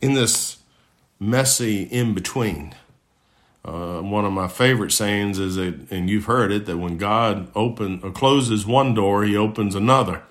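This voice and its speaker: A man preaching a sermon as pastor, earnestly, with rhetorical questions and long lists, often swinging between raised and hushed tones, dropping soft and low when he quotes. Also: unhurried.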